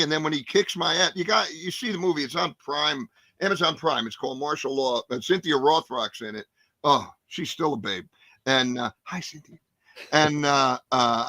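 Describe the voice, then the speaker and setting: A man in his sixties, a guest actor telling animated, profane stories in a casual interview. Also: medium pitch, moderate pace, no echo. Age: 60s. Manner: animated, profane, acts out scenes.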